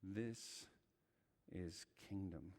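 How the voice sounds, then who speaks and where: A man preaching a sermon, telling a story with lively acted-out quotes. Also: low voice, drawn-out words. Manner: animated, acts out the voices in his story. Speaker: guest speaker. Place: church sanctuary. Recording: church hall reverb.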